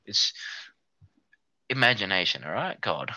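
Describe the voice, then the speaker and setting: A man's voice: deep voice, sing-song, unhurried, pushed and bright, no room sound. A young Australian man casually telling a rambling story as a podcast co-host, slipping into mimicked voices. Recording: dull lo-fi sound.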